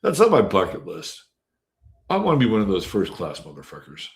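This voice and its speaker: A man hosts a casual live astrology stream, reading viewers' names aloud and chatting in a rambling way full of fillers, with sudden jumps in loudness. His voice sits low, swings hugely in pitch, and moves fairly quickly.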